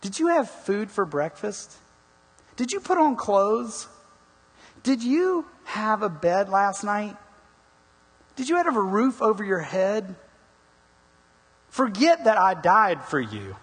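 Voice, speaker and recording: God as a calm, patient voice of gentle rebuke, put on by a husky-voiced preacher, asking one reproachful question after another. The words ring out in a big hall with long reverb. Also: male voice, sits high, pitched above the performer's own voice, exaggerated voice. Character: God, a patient, gently chiding male divine voice.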